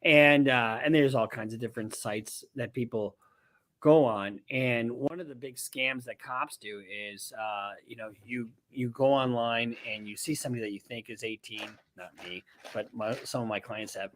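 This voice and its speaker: A man's voice: medium pitch, moderate pace, a bit bright. A man working as a lawyer, commenting bluntly and with exasperation on a case, swearing often. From Minnesota. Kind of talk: profane legal commentary.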